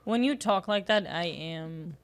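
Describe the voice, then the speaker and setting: A woman co-hosting a casual podcast chat, cutting in with quick jokes and laughing. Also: fairly low pitch. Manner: quick reactions and joking interjections, laughs often. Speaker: podcast co-host.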